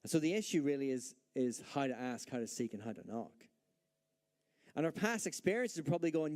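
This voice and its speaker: A man's voice: medium pitch, animated, brisk, darkish tone. A man preaching a sermon as pastor, emphatic, asking the congregation rhetorical questions and acting out their doubts. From Northern Ireland.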